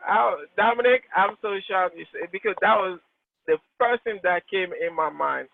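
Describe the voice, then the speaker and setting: A man in his late thirties from Togo with a Togolese accent, a real estate agent answering interview questions in an earnest, animated way. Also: high voice, moderate pace, gravelly, background noise. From Togo, West Africa. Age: 30s. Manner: earnest, animated, with frequent restarts. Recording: tinny, dry phone-like call line.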